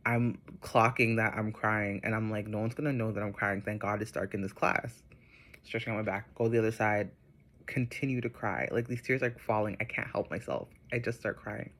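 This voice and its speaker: A man vlogging casually, telling a personal spiritual story in a chatty, rambling way with many fillers, turning soft and reflective. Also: lowish voice, steady tone, normal speed.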